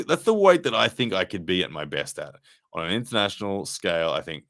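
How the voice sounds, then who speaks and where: Man, deep low voice, dry sound, casual rambling live-stream host, reads viewer comments. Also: a bit bright, no echo. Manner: rambling, conversational, frequent fillers and restarts. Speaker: livestream host and armwrestling commentator. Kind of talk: casual live review reading chat.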